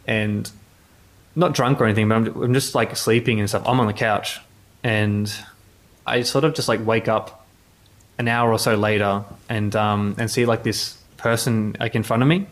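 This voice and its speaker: A man, a journalist telling casual anecdotes in an interview, rambling with many restarts. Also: on the low side. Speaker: motorsport journalist.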